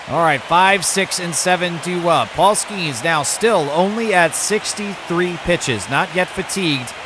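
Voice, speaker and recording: A man's voice: fairly high pitch, background noise. A man commentating his own video game baseball season, switching between broadcaster-style calls and muttered asides. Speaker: gaming YouTuber.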